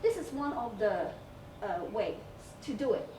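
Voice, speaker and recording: Speaking unhurriedly with medium pitch, lively intonation and a dark tone, a Hong Kong-accented woman teaches English in a class lesson recorded for campus TV. She goes step by step, spells out words letter by letter and fills with many fillers. The distant, off-mic recording in a school room is echoey with a faint hiss.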